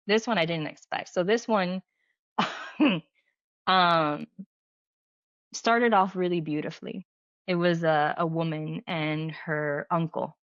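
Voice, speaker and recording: A middle-aged woman with a fairly low voice tells stories chattily, leaning on "like" and acting out the quoted lines. The sound is dull and lo-fi, with a dry, close feel and no room echo. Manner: chatty, filler-heavy, acts out quoted dialogue. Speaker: medium and healer, podcast guest. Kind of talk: casual storytelling interview.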